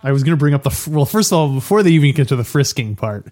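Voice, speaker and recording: A man co-hosting a podcast in casual chat, chatty and quick to laugh, often restarting his sentences. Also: mid-range voice, lively intonation, over music. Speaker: podcast co-host.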